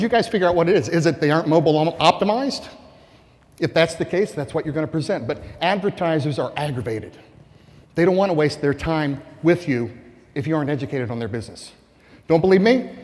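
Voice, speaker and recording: A man giving a conference keynote speech to sales staff, animated and rhetorical, often asking the audience questions. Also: on the high side. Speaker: keynote speaker. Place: conference hall. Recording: long reverb of a large hall.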